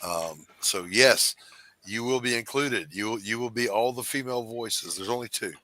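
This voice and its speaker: A Southern American man hosts a loose, joking chat, his voice bright and forceful with a slightly low pitch. He teases his guests with wry, animated banter. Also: moderate pace, dry recording, rough recording. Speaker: podcast host. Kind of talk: casual chat.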